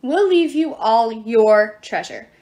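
A woman's voice: fairly high pitch, lively intonation, slow pace, a little mellow. A woman voicing a wisecracking teenage boy demigod in a storybook reading, joking and bargaining. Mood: scheming.

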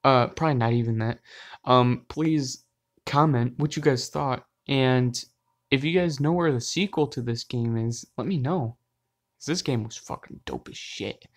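Excitable gamer swearing at a horror game. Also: mid-range voice, a little slow. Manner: excitable, loud outbursts, frequent swearing; talks straight to viewers. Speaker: gaming channel host. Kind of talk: let's play commentary.

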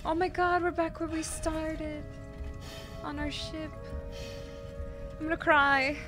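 A young woman streaming a horror game, reacting casually and excitably, swearing and gasping as she plays. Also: sits high, slow. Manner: excitable, swears, frequent gasps and squeals. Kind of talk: casual live gameplay reactions. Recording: game music playing behind.

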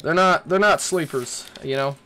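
A man's voice: fairly high pitch, moderate pace, sharp tone, a little hiss or hum. Jittery young man rambling through a horror game. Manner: nervous, rambling, swearing, talking to game characters. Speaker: gaming YouTuber.

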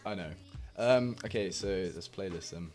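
A gaming YouTuber, a young man, swears and cracks jokes while playing a horror game in his flat, reacting jumpily throughout his let's play commentary. His voice is low-pitched and a little mellow at a moderate pace, with faint music in the background.

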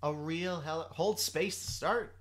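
A young man giving excitable, laugh-filled commentary while playing a video game, swearing freely. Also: a little high, a little slow. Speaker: gameplay commentator. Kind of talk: let's play commentary. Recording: noisy home recording.

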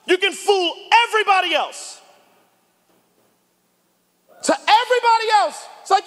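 A male pastor preaching a sermon, chatty with the congregation and rising into shouted appeals. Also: very high-pitched, a little slow, pauses often, a faint crowd. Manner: animated preaching, building to shouts, banters with congregation. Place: church sanctuary. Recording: long reverb of a large church hall.

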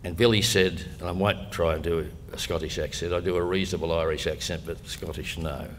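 Deep-voiced older Australian man in a hall. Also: steady tone, brisk, a little hiss or hum. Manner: chatty, wry storytelling with asides. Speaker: guest speaker. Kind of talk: humorous public talk. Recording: long hall reverb, faint room ambience.

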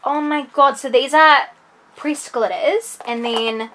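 A young woman talking into a camera mic in her bedroom, gasping and gushing over each item. Her voice is bright and fairly high, with a faint hiss behind it. She fills the vlog with repeated excited exclamations. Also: slow, low-quality recording. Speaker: beauty vlogger.

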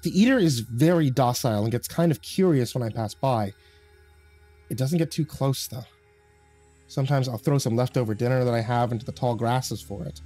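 A man reading a horror story aloud in a calm, measured storytelling voice. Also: mid-range voice, breathy edge, soft background music. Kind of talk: scripted horror narration.

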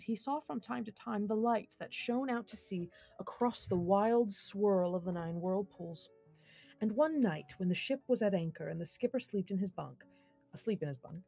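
Mellow woman reading a fairy tale. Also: medium pitch. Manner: gentle, measured storytelling with asides to the viewers. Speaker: storybook reader. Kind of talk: reading a fairy tale aloud on a live stream.

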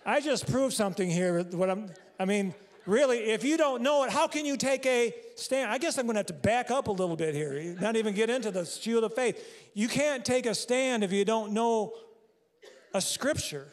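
Male pastor, higher voice, chatty sermon delivery that pulls answers from the congregation. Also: normal speed. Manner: conversational, quizzes the congregation. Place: church sanctuary.

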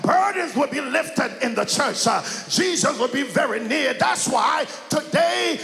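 Male pastor, high gravelly voice, shouting call-and-response sermon, long church reverb. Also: animated, measured pace, soft background music. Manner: call-and-response preaching, often shouting and chanting. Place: large church sanctuary. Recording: echoey church hall.

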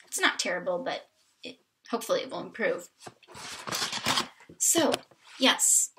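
A woman's voice: medium pitch, a little slow. A woman chatting casually in a vlog, telling stories with lots of fillers while filming at home and on a walk. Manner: chatty, animated storytelling with fillers. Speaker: vlogger on an exchange stay. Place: home indoors and walking outdoors. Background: wind noise outdoors.

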